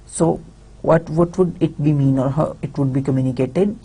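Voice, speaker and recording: A woman's voice: low voice, normal speed, gravelly, dark tone, husky. A woman with a Pakistani English accent giving a recorded university lecture, talking hesitantly with many fillers and restarts.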